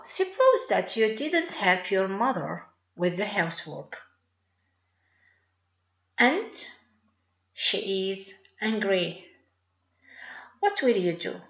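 Slow-speaking teacher with a Moroccan accent. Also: female voice, medium pitch, fairly bright tone. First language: Arabic. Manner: slow, deliberate teacher talk with praise. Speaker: English teacher. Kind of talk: online English lesson. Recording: roomy echo.

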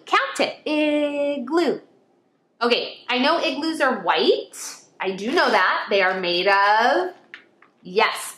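A woman teaching young children an online lesson, her voice high and swooping with lively exclamations. She talks slowly and warmly to them as friends, recorded in an echoey room. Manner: animated, exclaiming, sing-song, speaks to children as friends. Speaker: kindergarten teacher.

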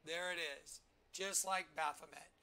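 A man hosting his own online video, talking excitedly and preachily through images on his screen. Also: fairly high pitch, unhurried, creaky. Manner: animated and preachy, often laughing. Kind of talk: excited commentary over a screen recording.

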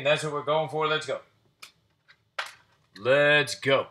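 A man's voice: a little high, fairly even intonation, unhurried, long pauses, bright, forceful tone. A man hosting a live card break, calling out player names in a profane, announcer-like patter.

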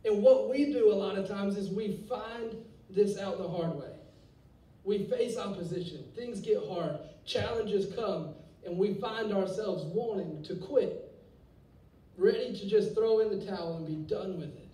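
A young man preaching a sermon to students, with energetic, conversational delivery and casual asides. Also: high-pitched, a little slow, far from the mic. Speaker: youth pastor. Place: church hall. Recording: echoey hall, voice from off-mic.

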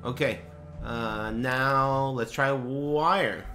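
A man chatting casually while streaming a game, swearing and bursting into shouts and laughs. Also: medium pitch, very slow, faint music behind. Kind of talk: casual gaming stream chat.

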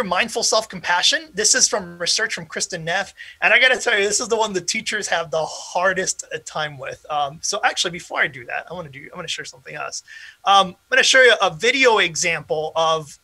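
A man with a high-pitched, bright, forceful voice speaks briskly as he presents an interactive online workshop for teachers over a video call. He's a presenter at an educators' conference, casual and encouraging, with frequent fillers.

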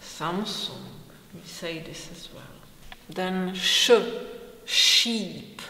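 Slow Czech-accented woman teaching sounds. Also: lowish voice, pushed and bright. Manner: slow, careful, demonstrating sounds. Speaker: language teacher. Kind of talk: pronunciation lesson. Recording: roomy hall reverb.

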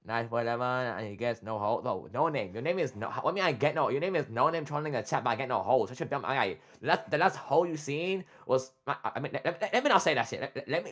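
A young man streaming a reaction, talking casually and excitably, trash-talking his chat and saying "bro" constantly. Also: medium pitch, quick pace, hardly any pauses. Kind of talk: casual livestream reaction talk.

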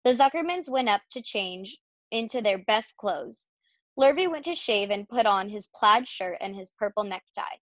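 A woman reading a children's storybook aloud in a steady, expressive way. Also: medium pitch, moderate pace, no echo. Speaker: reader. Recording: dull, dry lo-fi recording.

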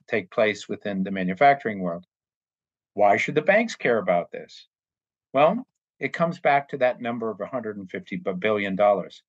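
An earnest man talks plainly and steadily, laying out his points one by one. His voice sits at an ordinary middle pitch. The recording is dry and slightly dull. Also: dry recording. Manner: earnest, plain-spoken, acts out short quoted exchanges. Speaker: anti-trafficking speaker. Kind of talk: explanatory talk with acted-out dialogue.

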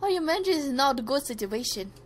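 A woman voicing a polite, calm young Indian man from a fan-made game, with an Indian accent. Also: high-pitched, quick pace, slight background noise.

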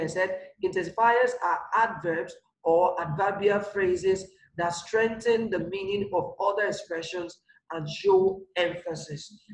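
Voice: medium pitch, roomy sound, rough recording. A teacher giving an online grammar lesson, repeating each example sentence and stressing the key words.

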